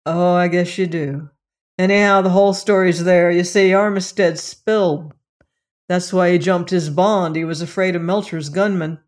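A reader voicing a gruff plainclothes policeman who speaks bluntly in street slang. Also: mid-range voice, steady tone, normal speed, natural voice. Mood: blunt, offhand.

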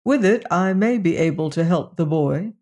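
A reader voicing a calm, courteous human space explorer in an audiobook story. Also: medium pitch, moderate pace, natural voice. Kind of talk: audiobook reading.

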